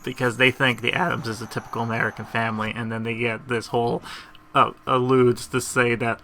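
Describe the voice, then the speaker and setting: A man's voice: mid-range voice, normal speed, pushed and bright, slight background noise. A man giving rambling, casual commentary over a video game, chuckling between tangents. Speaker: gamer.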